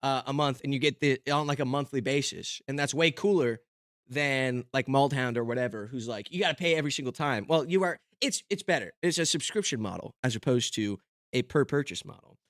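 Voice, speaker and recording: A man's voice: mid-range voice, fairly quick, fairly bright tone, no room sound. Young male streamer, self-mocking rambler, close and dry sound. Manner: rambling, lots of fillers and restarts. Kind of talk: casual stream chat.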